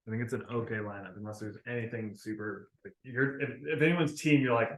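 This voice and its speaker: A man at a tabletop game thinks aloud in casual chat, often restarting his sentences. His voice sits in a middle pitch. The room gives it a roomy echo. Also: fairly quick, hardly any pauses. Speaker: player. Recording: echoey room.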